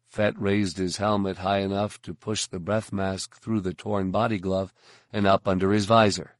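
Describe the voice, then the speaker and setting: Male audiobook narrator, deep-ish, unhurried, dry booth sound. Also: dry recording. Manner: measured, steady storytelling. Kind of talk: scripted narration.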